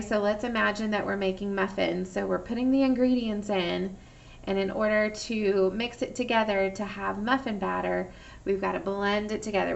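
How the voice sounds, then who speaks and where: Slow, gravelly-voiced woman teaching children. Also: mid-range voice, distant mic. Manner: cheerful, slow and clearly articulated, sing-song teacher talk. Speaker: first grade teacher. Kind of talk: remote phonics lesson for children. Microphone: laptop or webcam microphone. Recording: lo-fi recording from off-mic.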